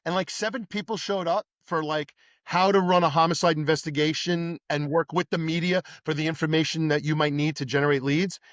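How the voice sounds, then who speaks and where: New man telling animated stories. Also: fairly high pitch, a little fast, few pauses, no echo, studio quality. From New York. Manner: animated anecdotes with acted-out dialogue. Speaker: podcast guest, former police detective. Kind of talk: casual storytelling interview.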